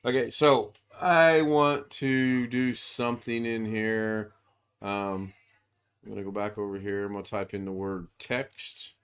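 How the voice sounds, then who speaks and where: Low-voiced man rambling through a screen demo. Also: fairly even intonation, a little slow, a bit bright, clear, resonant tone. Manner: thinks aloud, rambling with restarts. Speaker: software demonstrator. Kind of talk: casual screen-share tutorial. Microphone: video call.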